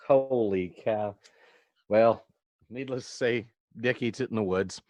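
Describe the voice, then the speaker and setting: A man's voice: lowish voice, unhurried, dry recording, lo-fi sound. A man co-hosting a casual movie podcast from home, rambling and laughing often as he recaps scenes. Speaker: podcast co-host. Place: his own room, recording remotely.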